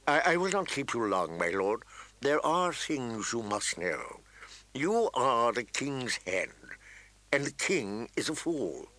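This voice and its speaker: A man's voice: medium pitch, very animated, full character voice. Varys, a sly eunuch spymaster, as a man puts him on. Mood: sly polite. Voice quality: soft, smooth tones turning thin and sharp. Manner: polite, measured and insinuating.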